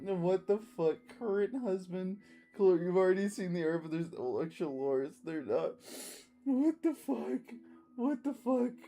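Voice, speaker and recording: A woman's voice: on the low side, lively intonation, a little slow, warm tone. Incredulous swearing woman reading fanfiction. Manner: incredulous, swears often, breaks into laughter. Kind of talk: comedic read-aloud with reactions.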